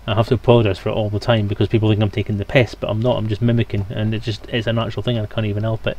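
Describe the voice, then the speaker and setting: A man's voice: fairly low pitch, level tone, racing, darkish tone. A British man from Scotland, streaming a game and chatting casually with his viewers as he plays. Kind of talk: casual live-stream gaming commentary.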